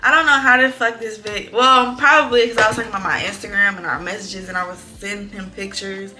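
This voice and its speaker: Bright, animated woman telling a story. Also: mid-range voice, fast talker. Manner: animated, profane, exclamatory. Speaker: vlogger. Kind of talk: casual storytime.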